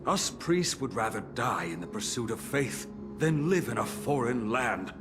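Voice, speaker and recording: An actor playing an older, devout and stubborn tribal priest who speaks gravely and formally. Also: male voice, mid-range voice, lively intonation, over music, natural voice. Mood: stern. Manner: grave, slow, formal speech.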